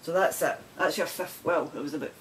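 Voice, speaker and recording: A woman's voice: low voice, brisk, a little hiss or hum. A woman from the west of Scotland with a Scottish accent, hosting a knitting podcast in a chatty, rambling way and laughing often. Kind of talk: casual chat.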